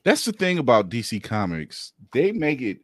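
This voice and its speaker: A husky-voiced man co-hosting a casual podcast, excitable and cursing often. His pitch swings all over the place. The sound is bright and dry. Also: normal speed, no room sound. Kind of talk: casual chat.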